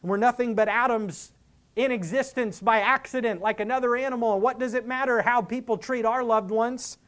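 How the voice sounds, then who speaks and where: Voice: mid-range voice, normal speed, a bit bright. A preacher giving an expository sermon, earnest and emphatic, reasoning with the listeners and acting out quoted speakers.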